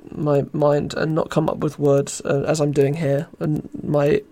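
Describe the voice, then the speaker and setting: A little high, mellow, and monotone, a young adult British man speaks a bit slowly while hosting a casual live podcast. His voice is wearing thin from tiredness as he rambles, mocks himself, and reads out the chat.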